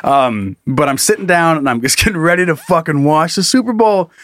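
Animated swearing podcast host, higher voice. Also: male voice, brisk, no room sound. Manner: animated storyteller, swears a lot, acts out quotes. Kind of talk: casual chat.

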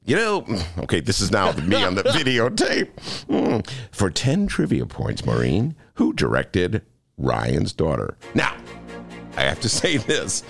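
A man's voice: sits low, wildly swooping pitch, unhurried, vocal fry, faint music behind. A man hosting a radio talk show in a studio, joking and mocking himself. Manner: joking, self-mocking, playful.

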